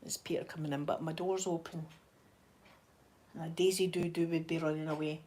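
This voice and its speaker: A woman's voice: sits low, level tone, brisk, warm tone. A woman with a Glasgow accent, hosting her channel with a chatty, rambling manner and Scots words. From Scotland. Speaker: channel host. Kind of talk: casual livestream chat.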